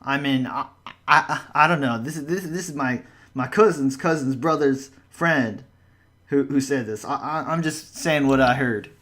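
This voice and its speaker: A man voicing a gruff, evasive male tavern patron who stammers and rambles through secondhand rumors in a tabletop game. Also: medium pitch, moderate pace, fairly bright tone, natural voice. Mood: flustered. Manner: stammering, rambling, hearsay-repeating.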